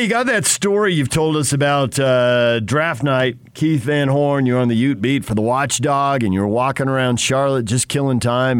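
A man's voice: mid-range voice, no echo. A man hosting a sports radio talk show, chatting casually and teasing his co-hosts. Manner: chatty, teasing, laughs often.

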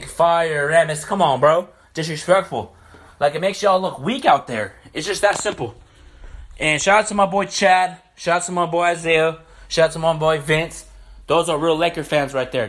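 A young man with a slightly high voice rants on his sports podcast, heated and profane, hammering the same points over and over. He talks straight to his listeners in a loose, unscripted monologue. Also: a bit bright. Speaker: podcast host.

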